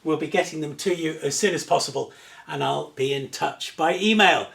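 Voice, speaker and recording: A man with a high-leaning, slightly bright voice and vocal fry presents to camera at a moderate pace, the sound roomy around him. It's his casual table football show, filmed at home on a tripod camera, and he's talkative, eager and happy to joke at his own expense.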